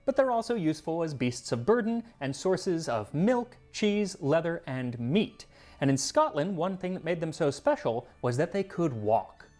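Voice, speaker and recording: A man's voice: on the high side, sing-song, moderate pace, darkish tone, soft background music. A man hosting a cooking history show in scripted narration, with playful, jokey asides.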